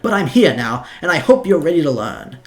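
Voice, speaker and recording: A man voicing an excitable small male dog who is a fussy professor, lecturing in a high, loud, eager voice. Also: brisk.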